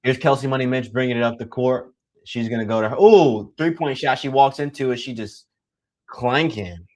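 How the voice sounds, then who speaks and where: A young man calls a game live in a loose, excitable play-by-play, teasing the players and dropping slang between calls. His voice sits at an ordinary middle pitch for a man. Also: a little fast. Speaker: live sports commentator. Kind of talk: casual live play-by-play commentary.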